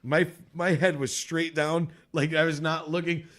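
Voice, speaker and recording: Male podcast co-host, slightly high voice, storyteller who laughs through his anecdotes. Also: little pitch movement, unhurried, fairly bright tone. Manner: laughs often, acts out quotes in a raised voice. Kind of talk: casual storytelling chat.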